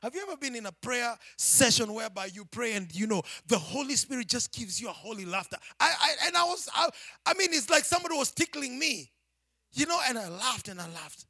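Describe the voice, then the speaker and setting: High-voiced Kenyan man telling his testimony. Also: animated, brisk, dry recording, clean studio sound. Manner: dramatic storytelling, swinging from hushed to shouting. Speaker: preacher. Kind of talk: personal testimony.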